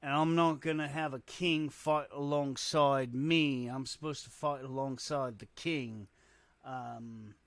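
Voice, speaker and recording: A man's voice: medium pitch, fairly even intonation. A man giving casual gameplay commentary, muttering to himself and poking fun at himself. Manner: slow, muttering to himself, self-deprecating. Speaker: gamer.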